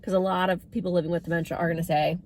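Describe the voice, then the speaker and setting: A woman's voice: fairly low pitch, level tone, rapid-fire, darkish tone, slight background noise. A woman talking casually as a dementia care educator, chatty and lifting her voice when she acts out what people say. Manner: chatty, acts out quoted phrases in a lifted voice.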